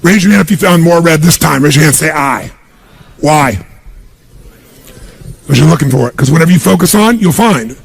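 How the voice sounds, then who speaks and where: A man's voice: fairly high pitch, expressive, a little fast, vocal fry, pauses often, slight background noise. A man giving a live motivational seminar speech, speaking emphatically and quizzing the crowd with call-and-response questions.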